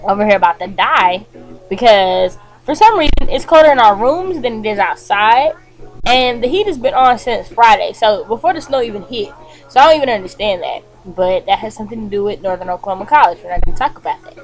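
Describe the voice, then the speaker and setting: A young college woman talks to her camera from her bed, casual and chatty. She leans on fillers like um and like and keeps an animated, conversational tone. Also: medium pitch, brisk, faint music behind, poor audio. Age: young adult. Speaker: college student vlogger. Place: bedroom, indoors.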